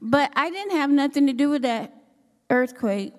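A somewhat high-voiced woman gives a church testimony, telling her story with lively, expressive swings. Her voice carries a long hall reverb. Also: moderate pace. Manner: expressive, acts out her own quotes with sudden pitch jumps. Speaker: church speaker giving a testimony.

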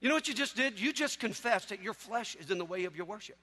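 A man preaching a sermon in a church, telling humorous stories with animated delivery. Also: high-pitched, fast, hardly any pauses, long reverb tail.

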